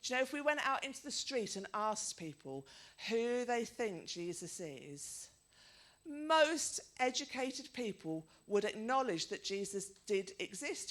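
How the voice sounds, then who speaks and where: A middle-aged woman preaching a sermon, telling stories in a chatty way and putting questions to her listeners. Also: mid-range voice.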